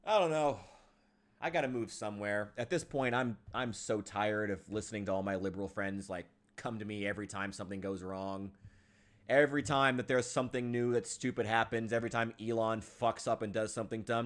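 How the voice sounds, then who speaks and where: A man's voice: on the low side, steady tone, a little fast. A man from Illinois chatting casually while streaming a game, ranting in frustration, swearing and sighing often. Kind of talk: casual live-stream chat while gaming.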